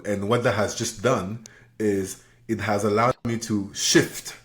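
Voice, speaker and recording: A man's voice: fairly low pitch, steady tone, unhurried. A man hosting an interview podcast, reflectively paraphrasing and affirming his guest. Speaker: podcast host. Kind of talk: conversational interview.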